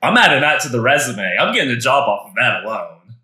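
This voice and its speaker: A man's voice: medium pitch, sing-song, fast talker, bright, forceful tone. An American man co-hosting a casual podcast with playful, teasing banter. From United States. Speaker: podcast co-host. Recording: roomy echo.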